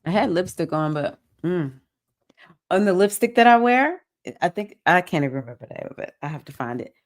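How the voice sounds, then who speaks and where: A woman's voice: fairly low pitch, expressive, a little fast. Southern-accented woman hosting a live chat. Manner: warm, encouraging, reads comments aloud and cheers viewers. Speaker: spiritual teacher hosting a live session. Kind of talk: casual live-stream chat.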